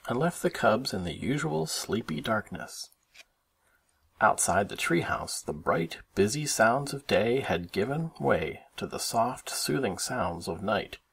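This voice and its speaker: Dad reading a picture book to his kids, low gravelly voice, very lively pitch. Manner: expressive, animated read-aloud. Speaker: parent reading aloud. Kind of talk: children's storybook narration.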